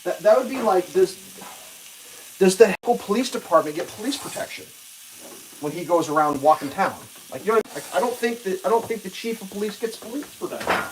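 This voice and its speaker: A woman's voice: mid-range voice, animated, a little fast, slight background noise, rough recording. A woman hosting a livestream, ranting casually with profanity, many restarts and exasperated asides. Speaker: livestream host.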